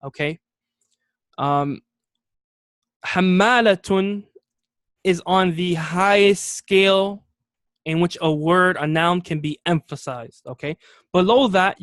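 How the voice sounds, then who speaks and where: A slightly bright, somewhat high-voiced man leads a classroom lesson on Arabic vocabulary, going one step at a time, saying important words slowly and more than once, and checking in with "okay?" frequently. It's recorded close up, dry and echo-free.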